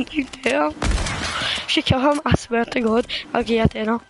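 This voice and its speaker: A woman chatting casually with friends while playing a game, teasing them and bursting into excited shouts. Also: on the high side, moderate pace. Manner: playful trash talk, bursts of excited shouting. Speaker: gamer streaming with friends. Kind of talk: casual gameplay chat. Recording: noisy background.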